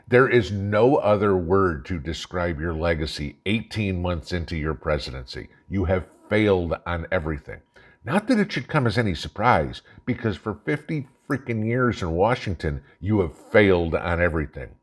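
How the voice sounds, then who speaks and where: A man with a low, deep voice rants straight at his audience. He is blunt and profane, and he mocks his targets throughout his monologue. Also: lively intonation, moderate pace. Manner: angry, blunt, profane and mocking. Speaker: channel host. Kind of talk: ranting political monologue.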